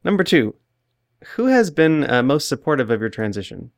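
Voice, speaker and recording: A man's voice: medium pitch, sing-song, normal speed, vocal fry. A man interviewing a guest in casual chat, dropping dry, joking asides.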